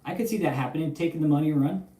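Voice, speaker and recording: Young male streamer, profane and chatty, mellow tone, off-mic in a roomy space. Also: fairly high pitch, rapid-fire, distant mic. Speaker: livestream host. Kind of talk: casual livestream commentary.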